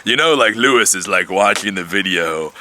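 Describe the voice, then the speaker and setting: A man's voice: deep voice, lively intonation, moderate pace, bright, forceful tone, a little hiss or hum. A man hosting his own channel, rambling casually and animatedly outdoors, swearing and laughing now and then. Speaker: tech YouTuber. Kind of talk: casual monologue vlog.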